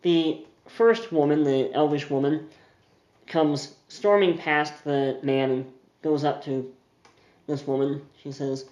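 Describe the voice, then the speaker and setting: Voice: mid-range voice, fairly even intonation, unhurried, a little mellow, reverberant, dull audio. A game master narrating a tabletop game scene in a loose, descriptive way. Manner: descriptive, uses filler words.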